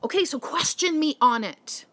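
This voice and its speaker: A woman's voice: high-pitched, lively intonation, normal speed, fairly bright tone. A woman from Canada, a health and nutrition coach, talking straight to her viewers in a passionate, rambling way full of rhetorical questions. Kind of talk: casual direct-to-camera monologue.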